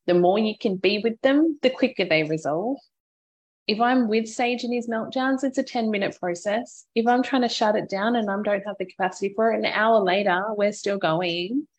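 A woman hosting a podcast, candidly recounting a hard parenting moment and offering gentle advice to listeners. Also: mid-range voice, lo-fi sound. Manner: open, reflective storytelling with frequent laughter. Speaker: podcast host and mother. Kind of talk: candid personal podcast talk.

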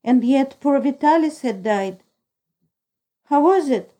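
A woman narrating a novel in the first person, reading in a steady, even storytelling way. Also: high-pitched, slow pace, poor audio. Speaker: audiobook narrator.

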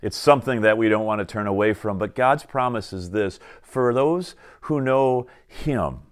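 A middle-aged man preaching a sermon, reflective and pausing to let his points sink in. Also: lowish voice, clear, resonant tone. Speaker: pastor.

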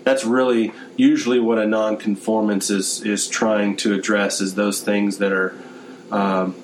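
A man's voice: fairly low pitch, level tone, a little slow, a little hiss or hum. A man hosting a business conversation, explaining points steadily and often saying "you know".

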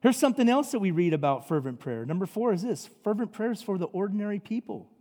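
A man preaching a sermon as pastor, animated and conversational, acting out voices in his stories. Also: sits high, fast. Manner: animated, acts out quotes, conversational asides. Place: church sanctuary. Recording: long reverb of a large hall.

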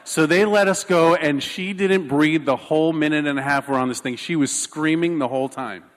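A man preaching a sermon, telling a personal story in an animated, self-mocking way. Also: a little high, moderate pace, in a large hall. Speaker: pastor.

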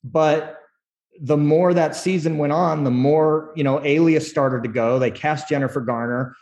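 A middle-aged man, a screenwriter guest, recounts his early career with candor. His voice sits a bit high, and he slips into quoted voices, laughing as he goes. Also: unhurried, dull audio. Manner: animated storyteller, acts out quotes, laughs often. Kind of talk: candid storytelling interview.

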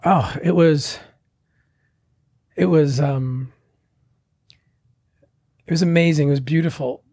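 A man with a slightly high, husky voice tells his story in a loose, conversational way. He acts out the other people's lines as he goes. The sound is close and dry. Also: slow pace, no echo. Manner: animated, acts out quoted voices. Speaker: guest telling his story. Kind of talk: casual storytelling.

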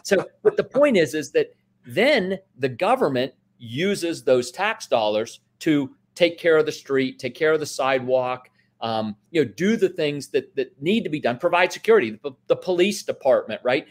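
A man's voice: on the high side, expressive, normal speed. A man who is an investment expert, explaining in casual talk and often checking in with the listener. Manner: explains with many "right?" tags and restarts.

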